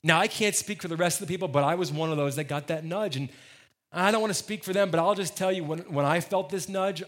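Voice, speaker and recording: A church's own pastor preaches a sermon in a high, fairly bright voice, talking fast. He's emphatic yet conversational, repeating phrases for stress.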